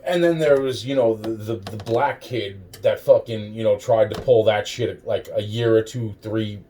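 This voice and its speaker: A man rambles in a loose, profane monologue, chuckling to himself between phrases. His voice is dark and mellow, and he sits a little back from the mic. A faint hum of noise runs underneath. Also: fairly low pitch, normal speed, recorded from a distance.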